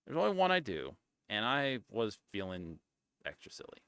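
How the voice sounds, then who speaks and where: Lively, gravelly male streamer chatting. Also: lowish voice, normal speed, no echo. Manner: rambling, self-interrupting and chatty. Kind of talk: casual chat.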